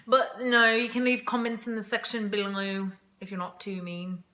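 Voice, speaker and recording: A woman's voice: medium pitch, flat delivery, measured pace, bright, forceful tone. A woman from Scotland co-hosting a casual chat show, telling stories in a conversational, digressive way. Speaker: co-host.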